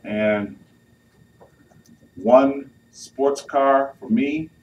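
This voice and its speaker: A youth speaker's sermon on marriage comes through a distant mic with faint background noise. His mid-range voice has a darkish tone and an extremely slow delivery, and he playfully performs couples' lines to laughter from the live audience.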